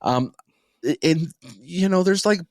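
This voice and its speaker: A man from Las Vegas co-hosting a podcast, chatting in a relaxed, easygoing way and often filling with "like". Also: high voice, measured pace, no echo, studio quality. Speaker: podcast co-host. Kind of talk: casual chat.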